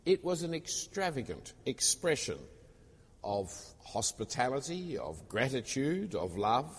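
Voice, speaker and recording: Man, sermon, lively up-and-down pitch, husky breathy voice, explanatory with chatty asides, long echo of a big church hall. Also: normal speed. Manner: expository, with conversational personal asides. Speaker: preacher. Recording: long reverb of a large hall.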